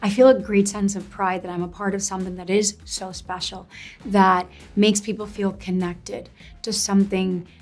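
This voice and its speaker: A woman's voice: medium pitch, little pitch movement, moderate pace, faint music behind. A woman actor in an interview, earnest and heartfelt, sometimes repeating words in her eagerness. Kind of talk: casual interview chat.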